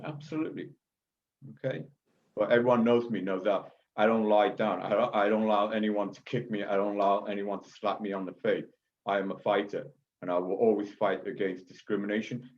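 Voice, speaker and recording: A man of Chinese origin giving an emphatic lecture, repeating himself and checking in with frequent asides. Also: fairly low pitch. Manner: forceful, repetitive, frequent "okay?" asides. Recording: dull lo-fi audio.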